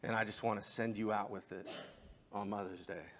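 A male pastor preaching a sermon, moving between quiet, measured passages and rising, impassioned climaxes. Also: on the low side, steady tone.

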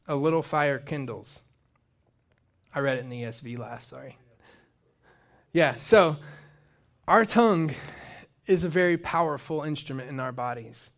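A young man giving a casual, conversational sermon, telling personal stories and lifting his voice for emphasis. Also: fairly high pitch. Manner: conversational, storytelling, rising with emphasis. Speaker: preacher.

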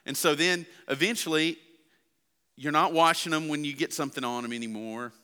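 A man delivers a sermon in a loose, conversational way, tossing questions out to his listeners. His voice sits a little high and sounds bright and forward. A long hall reverb trails behind every phrase. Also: fairly even intonation, fairly quick, clear, resonant tone. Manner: conversational, asks the congregation questions. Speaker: pastor.

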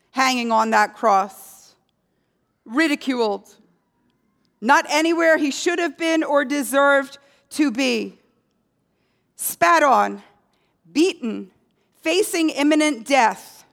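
A woman with a high voice delivers a sermon at an unhurried pace. She tells the story patiently and lets her important words sink low and soft. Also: vocal fry. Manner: slow, storytelling delivery, dropping low and quiet on key words. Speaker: preacher.

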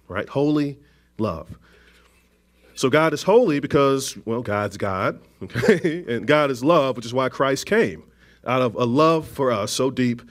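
Speaking at medium pitch, this preacher keeps his sermon conversational, full of restarts, side remarks and light jokes aimed at the congregation.

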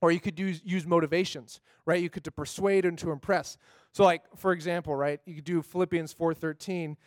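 Upbeat high-voiced man teaching. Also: steady tone, brisk, no room sound. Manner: upbeat, chatty, lots of fillers and "right?". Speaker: teacher of scripture memory. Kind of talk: casual teaching talk.

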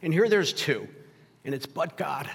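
A man's voice: fairly high pitch, expressive, a little slow, creaky, husky. Man preaching in an echoing church. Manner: emotional, gets choked up and laughs; conversational preaching with frequent "right?". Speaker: pastor. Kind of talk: sermon. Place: church sanctuary. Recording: long hall reverb.

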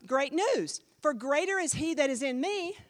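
Lively high-voiced woman pastor preaching. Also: normal speed. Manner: emphatic, conversational preaching with sudden jumps in volume. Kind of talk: sermon teaching.

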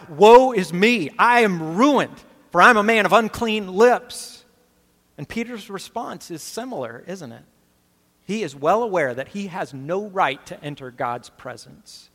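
A man's voice: a little high, fairly bright tone. A man preaching a sermon as a pastor. He speaks earnestly and with emphasis, asking his listeners rhetorical questions. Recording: long reverb of a large hall.

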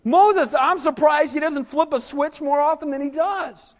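A man preaching a sermon as pastor, animated, asking rhetorical questions and acting out whiny voices. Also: very high voice, measured pace, long reverb tail.

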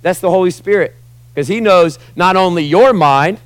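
A man in his forties preaching a sermon as pastor, animated, acting out groans and questioning the congregation. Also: sits high, normal speed, clear, resonant tone, no echo. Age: 40s.

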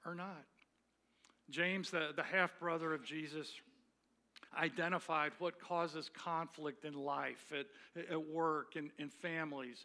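Pastor guy giving a sermon, slow and deliberate, keeps restarting his words, bright clear tone. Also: on the high side. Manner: earnest, with frequent repeated words and restarts.

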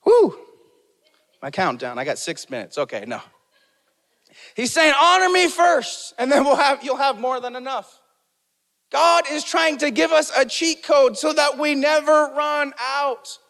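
A man's voice: very high-pitched, expressive, unhurried, fairly bright tone. A man preaching a sermon as pastor, emphatic, repeating key phrases and calling on the congregation to respond. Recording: long hall reverb.

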